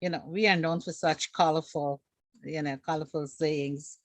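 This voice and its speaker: A woman's voice: low-pitched, fairly even intonation, normal speed, no room sound. A woman with a Guyanese accent, a guest actress and comedian, who chats and laughs often in a casual interview. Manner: chatty, laughs often between lines. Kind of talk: casual live-stream interview.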